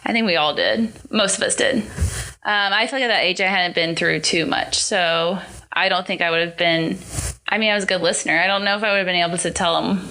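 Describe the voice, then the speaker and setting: A woman with a bright, clear voice chats on a podcast as co-host. She tells a story with quick asides and pauses to laugh along with her friend. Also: fairly low pitch, fairly even intonation. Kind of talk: casual chat.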